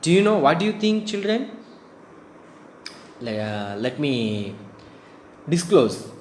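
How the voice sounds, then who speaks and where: A man with an Indian English accent, an English teacher who reads a story aloud and explains it to students in a slow, halting way, with fillers and throat clearing. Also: fairly high pitch, sing-song. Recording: echoey room, faint background hum.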